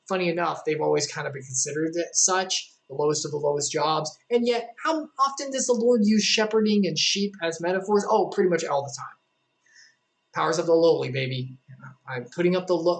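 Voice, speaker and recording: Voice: mid-range voice, rough recording. A streamer reading a Bible passage aloud and explaining it in a casual, joking way, with frequent asides. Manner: conversational, joking asides, many "like" fillers. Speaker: streamer leading a devotional.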